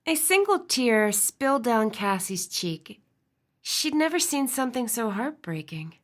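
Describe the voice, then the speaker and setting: Expressive woman audiobook narrator, storytelling voice, soft in tender moments. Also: on the high side, slow pace. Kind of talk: scripted narration.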